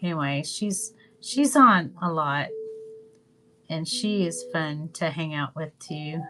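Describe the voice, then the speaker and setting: A woman's voice: sits low, slow pace, pushed and bright, poor audio. An older woman from Northwest Florida with a Southern accent, chatting casually and rambling while she crafts on a livestream. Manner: rambling, chatty, trails off with ums. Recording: music playing behind.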